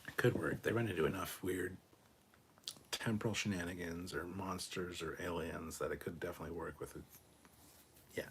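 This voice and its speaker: A man hosting a casual livestream, reading viewer comments aloud and answering them in a relaxed, off-the-cuff way, swearing freely. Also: deep voice, normal speed, pauses often, a little hiss or hum. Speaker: livestream host reading chat. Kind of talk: casual live chat.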